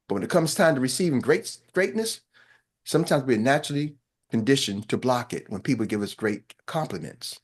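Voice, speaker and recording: A man's voice: fairly high pitch, lively intonation, moderate pace. A man giving a motivational talk as a business coach, blunt and colloquial, repeating phrases for emphasis.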